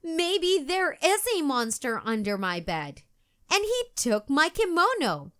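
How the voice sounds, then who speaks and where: A woman reading aloud, voicing a spunky, sassy little schoolgirl who talks brightly and emphatically. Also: high-pitched, very animated, takes it slowly, pitched above the performer's own voice, full character voice. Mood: eager.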